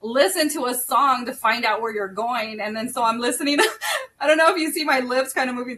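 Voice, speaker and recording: A middle-aged woman hosts a casual podcast, talking in a bright, clear voice. She is emotional and laughs easily, and she fills her sentences with "like" and "you know.". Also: a little high, fairly quick, a little hiss or hum. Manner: emotional, laughing often, many fillers. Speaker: podcast host. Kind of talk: casual chat.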